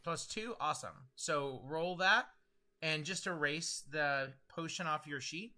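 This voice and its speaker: A man with a very bright, somewhat high voice runs a tabletop game as game master. He works through the dice rolls out loud, with frequent pauses and fillers as he adds them up. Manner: thinks aloud while tallying dice, with many fillers. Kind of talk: running a tabletop game online.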